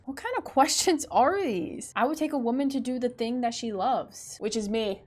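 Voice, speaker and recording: A vlogger in her twenties chats casually and sarcastically, reading quiz questions aloud and mocking them in casual vlog commentary. Her voice is a little high and moderately paced, with faint music in the background.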